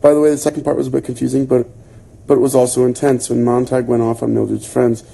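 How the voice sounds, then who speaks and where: Young man, livestream book club host, husky, dark mellow tone, casual rambling chat, webcam at home. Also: mid-range voice, fast. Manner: chatty, relaxed, filler-heavy, reacting to comments. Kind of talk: casual livestream chat reading viewer comments.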